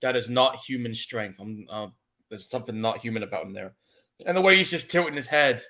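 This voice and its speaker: A man co-hosting a casual movie commentary podcast, laid-back and profane, quick to laugh along. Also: medium pitch, bright, forceful tone. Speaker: podcast co-host.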